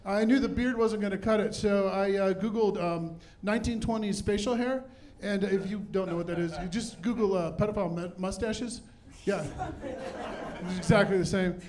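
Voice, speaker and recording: A man's voice: high-pitched, steady tone, moderate pace, a little mellow. A middle-aged man doing a self-deprecating stand-up comedy set on a club stage with a handheld mic. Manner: self-deprecating, punchy delivery.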